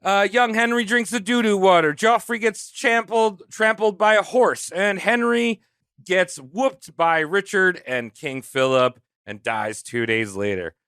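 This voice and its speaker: A man's voice: sits high, unhurried, a bit bright, clean tone, dry recording, studio quality. A man on a comedy podcast telling history in a jokey, slangy way, acting out quotes. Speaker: podcast host.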